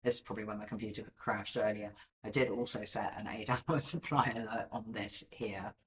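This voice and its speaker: A man's voice: fairly low pitch, steady tone, fairly quick, fairly bright tone, distant mic, low-quality recording. A man giving casual live-stream market commentary over charts, rambling and self-deprecating with many filler ums. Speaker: livestream crypto chart analyst.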